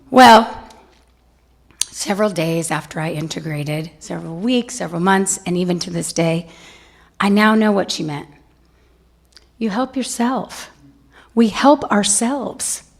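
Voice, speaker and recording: A woman's voice: mid-range voice, unhurried, vocal fry, long pauses, darkish tone. A middle-aged woman giving an inspirational spiritual talk to a congregation, telling personal stories with laughter and often asking "right?". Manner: storytelling with laughter and frequent "right?". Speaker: guest speaker at a spiritual center.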